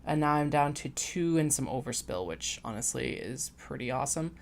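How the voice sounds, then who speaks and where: A young woman with a Western Canadian accent talks in a low, rambling way, full of fillers and rising uptalk. She sounds casual and chatty, as if hosting a livestream while she works. There is faint noise in the background. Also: expressive, normal speed, gravelly. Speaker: sewing livestream host.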